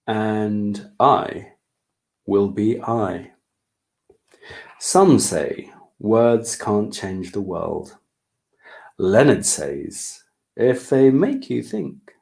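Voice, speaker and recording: A man reading as a gentle poet lion. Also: medium pitch, gravelly, full character voice. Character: gentle young male lion, thoughtful poet.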